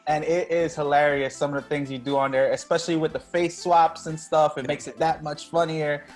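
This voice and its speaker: A man hosts a relaxed interview, asking questions and cheering his guest on. His voice sits a little high, with faint music in the background. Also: fairly quick. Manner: upbeat, encouraging interviewer. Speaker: host. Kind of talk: casual interview chat.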